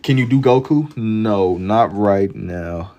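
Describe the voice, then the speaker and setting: A laid-back young man talks loosely with his live-stream chat as he draws, dropping slang between thoughts. His voice sits a little low. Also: slow, dark tone. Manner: laid-back slang-heavy banter, reads chat aloud. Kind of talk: casual live-stream chat while drawing.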